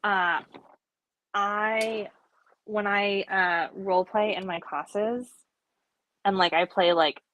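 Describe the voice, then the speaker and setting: A woman's voice: mid-range voice, fairly even intonation, slow, long pauses, a bit bright, muffled recording. A woman guest chatting casually and playfully, telling stories with hesitant fillers. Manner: playful storyteller, slips into silly voices, hesitant fillers. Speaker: guest and class instructor. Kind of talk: casual chat.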